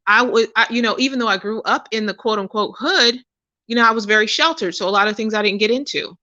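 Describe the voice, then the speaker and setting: Bright-voiced woman telling stories. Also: fairly high pitch, lively intonation, a little fast, dry recording. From Pittsburgh. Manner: conversational, many fillers and asides. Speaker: podcast host. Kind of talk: casual storytelling. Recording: dry, dull lo-fi.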